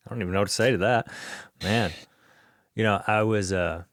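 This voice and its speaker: A man's voice: lowish voice, fairly quick, dry recording, clean studio sound. A man hosting a podcast, chatting casually with his guest like a longtime fan. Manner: fan-like, recalling concerts. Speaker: podcast host. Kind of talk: casual interview chat.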